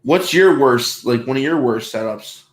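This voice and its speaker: A man's voice: medium pitch, lively intonation, a little slow. A man interviewing a guest in a casual chat, joking and laughing often. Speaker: podcast interviewer.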